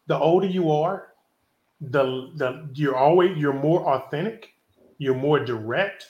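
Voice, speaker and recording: A man's voice: fairly high pitch, a little slow, roomy sound, muffled recording. A man in his forties hosting a casual group chat about relationships, emphatic and preachy, acting out quoted dialogue as he makes his point. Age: 40s. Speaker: podcast host.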